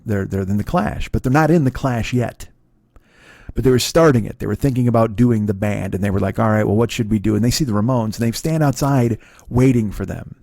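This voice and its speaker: A man's voice: lowish voice, warm tone, dry recording, clean studio sound. Rambling, swearing middle-aged man storyteller. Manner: rambling, profane, self-deprecating, many restarts. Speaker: podcast host. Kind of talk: casual storytelling monologue.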